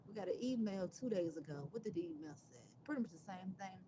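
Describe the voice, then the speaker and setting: A woman talking on a casual live stream, emphatic and sarcastic, rambling and restarting her phrases, with loud outbursts and quiet asides. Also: medium pitch, lively intonation, fast talker, noisy background. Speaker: livestreamer.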